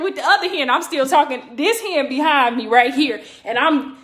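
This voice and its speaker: High, bright, animated woman storyteller. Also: moderate pace, reverberant. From California. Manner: animated, profane, acts out quotes with big jumps in pitch. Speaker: comedian telling a story on a livestream. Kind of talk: casual storytelling livestream.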